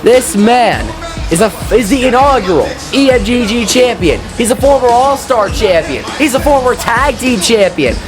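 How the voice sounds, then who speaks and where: A man giving casual, excitable wrestling commentary, chatty and quick to swear. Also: very high-pitched, music in the background.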